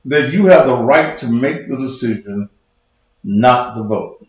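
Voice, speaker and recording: A man's voice: medium pitch, unhurried, heavy reverb, lo-fi sound. A man hosting a talk show in a loose, emphatic monologue, a little out of breath. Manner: loose, conversational, emphatic with repetition.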